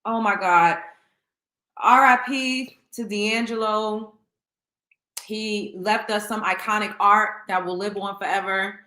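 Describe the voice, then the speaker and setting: Bright-voiced woman hosting a livestream. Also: medium pitch, fairly even intonation, takes it slowly. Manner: chatty, greets viewers by name. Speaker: host. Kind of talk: casual livestream chat. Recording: echoey room.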